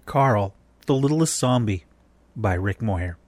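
A man hosting a casual talk, chatting wryly with his co-host and then reading a storybook aloud in a steady voice. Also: lowish voice, takes it slowly, dry recording.

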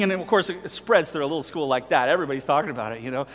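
A middle-aged man preaching a sermon with animated delivery, telling stories and acting out voices. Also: a little high, rapid-fire, few pauses, long reverb tail. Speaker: pastor.

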